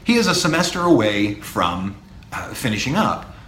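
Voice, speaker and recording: Middle-aged male professor hosting his own podcast: animated, emphatic, lively pitch, recorded in a roomy space with faint background noise. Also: normal speed. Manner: lively, emphatic, mimics imagined students. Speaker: university professor, podcast host. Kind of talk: solo podcast monologue to students. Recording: echoey room with faint ambience.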